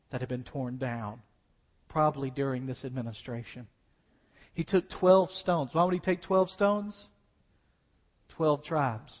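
A man preaching a sermon dramatically, swinging between loud declaiming and hushed asides. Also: fairly high pitch. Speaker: pastor. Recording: dull sound with long reverb in a large hall.

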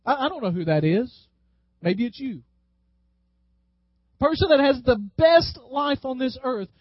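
A pastor with a high tenor delivers a sermon, slowing down and stretching his words to drive each point home. The sound is dry and a bit dull, like a modest church recording. He calls on the congregation to repeat lines back to him. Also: dry recording. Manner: leads the congregation in call-and-response; slows down and stretches words for emphasis.

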